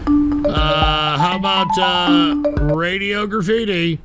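A man's voice: high-pitched, steady tone, slow, loud music behind the voice. A man hosting a crude call-in show, swearing and insulting his callers with exasperation. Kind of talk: crude call-in radio parody.

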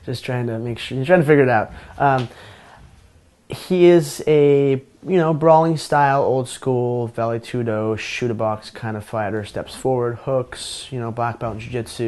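A man's voice: mid-range voice, a little slow, darkish tone. A man speaking as a professional fighter in a casual pre-fight interview, candid and self-deprecating, rambling with frequent restarts.

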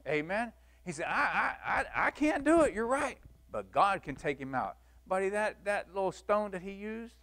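Guy teaching sunday school, folksy and lively, voice sits a bit high. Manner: folksy and animated, acts out Bible scenes, laughs often. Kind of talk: church Bible lesson.

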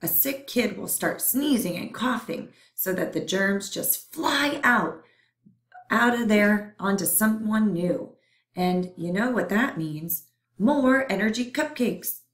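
A woman reading a children's picture book aloud in a playful, expressive way. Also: medium pitch, slow. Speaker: storyteller. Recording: roomy echo.

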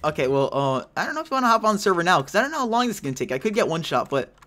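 A man hosting a video game let's play, chatting to viewers and breaking into panicky yelling when things go wrong, speaking into a headset mic. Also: sits high, racing. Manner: excitable, panicky yelling under pressure. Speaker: gaming channel host.

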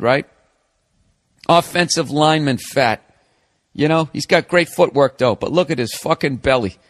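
A man's voice: fairly high pitch, a bit bright. A man hosting a podcast, telling a comic story in a profane, ranting monologue. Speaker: podcast host.

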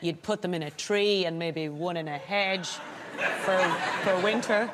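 A woman's voice: fairly low pitch, a loud crowd. A woman with an Irish accent, joking as a comedy panel show guest. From Ireland. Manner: playful, quick quips. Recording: noisy studio with laughter.

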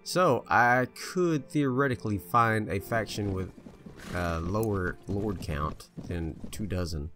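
A man casually commentating his own strategy game play, chatty and indecisive, bossing his troops around out loud. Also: fairly low pitch, slow, soft background music. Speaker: gameplay video host.

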